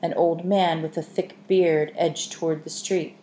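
A woman reading a story aloud in measured scripted narration, in an echoey room with faint hiss. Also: deep voice, steady tone, dark tone. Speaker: audiobook narrator.

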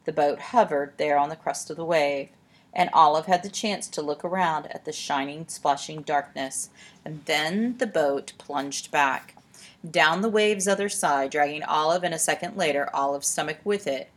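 A woman narrating a storybook aloud in a steady, expressive way. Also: low voice. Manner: steady, expressive, slows for tense moments.

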